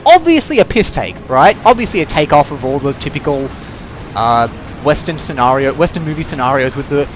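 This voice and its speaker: A man's voice: fairly high pitch, big pitch swings, a little fast, a little hiss or hum. A young man doing let's-play commentary, rambling and opinionated, swearing freely and restarting his sentences often. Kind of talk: gameplay commentary rant. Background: game music.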